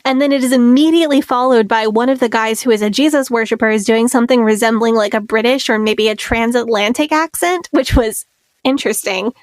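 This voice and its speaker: This podcast co-host has a slightly high voice and talks fairly quickly in loose, casual chat, laughing easily and acting out quoted lines as she retells scenes. The recording is dry and close-miked.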